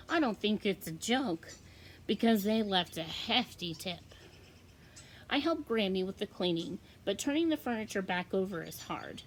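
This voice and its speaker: Woman, teacher, novel read-aloud, slow pace, expressive, mid pitch. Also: slight background noise.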